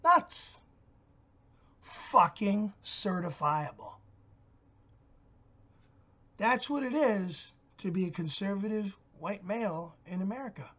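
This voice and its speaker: A man's voice: high voice, normal speed, few pauses. A middle-aged man hosting his own channel, telling a story in a blunt, profane rant. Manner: blunt, gruff, cursing storyteller. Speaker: channel host.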